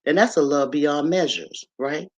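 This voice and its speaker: A livestream host speaking in a mid-range voice, relaxed and conversational. They keep checking in with "okay?" and "right?" and slow down to spell out words letter by letter. They greet viewers by name as they join. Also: mid-range voice. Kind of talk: casual live-stream talk on a faith-tinged topic.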